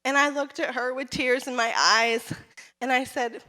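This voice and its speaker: A woman giving a motivational keynote speech at a conference, telling her story with animated energy and calling out to the audience. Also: high-pitched, moderate pace. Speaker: keynote speaker and salon owner. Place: conference hall. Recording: reverberant hall.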